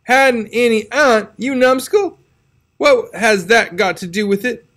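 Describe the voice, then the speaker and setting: A man's voice: very high voice, a little slow, a bit bright, pitched above the performer's own voice. A man putting on a scolding old aunt. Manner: exclaiming, reproachful questions. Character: stern old aunt, scolding then softening. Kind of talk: storybook reading.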